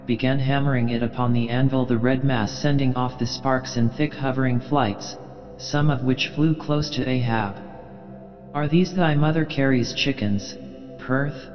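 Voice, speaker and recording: A man narrating a classic novel as an audiobook, in a measured, even manner. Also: medium pitch, long reverb tail, highs cut off.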